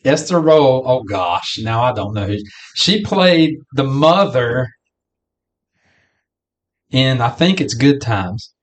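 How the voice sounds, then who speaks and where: A co-host with an expressive mid-range voice talks slowly, with long pauses, in a casual podcast chat about a film. He acts out some of the movie lines as he goes.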